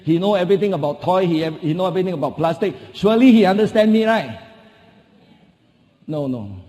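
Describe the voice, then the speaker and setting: A man's voice: sits high, lively intonation, brisk, warm tone. A middle-aged man with a Singaporean English accent giving a motivational keynote, emphatic, repeating key phrases and throwing rhetorical questions at the audience. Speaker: motivational speaker. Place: large conference hall. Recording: long hall reverb.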